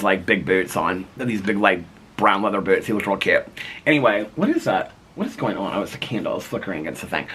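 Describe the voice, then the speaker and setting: A man's voice: lowish voice, pushed and bright, husky. A man vlogging casually from home on a handheld phone, rambling with lots of fillers and frequent laughter. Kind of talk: casual chat. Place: his home, indoors.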